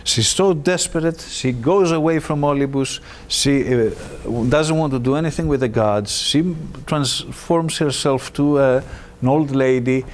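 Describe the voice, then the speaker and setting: A man retelling an ancient myth in a lecture, animated and halting with fillers. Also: mid-range voice. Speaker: presenter.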